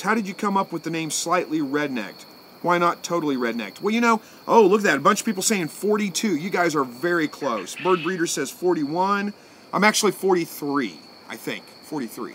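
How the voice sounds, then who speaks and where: A man in his forties from Southwest Missouri chats on a live stream, answering viewer comments at a moderate pace. His voice is a bit high for a man, and his manner is relaxed and folksy, like he's thinking out loud. A faint hiss and chirping crickets sit in the background.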